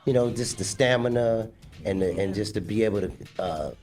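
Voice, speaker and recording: Laid-back male singer from Boston, lowish smooth voice, relaxed radio guest. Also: fairly quick. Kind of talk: casual radio interview.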